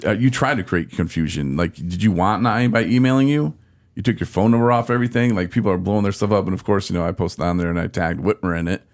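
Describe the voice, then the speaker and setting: A man from telling a frustrated story in casual podcast chat, acting out his own quotes with animated exasperation. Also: low-pitched, fast talker. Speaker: podcast host.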